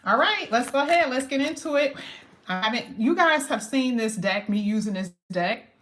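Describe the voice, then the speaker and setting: A woman giving a casual tarot reading to camera, chatty and lively, talking straight to her viewers and slowing down to stress key phrases. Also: a little high. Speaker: tarot reader.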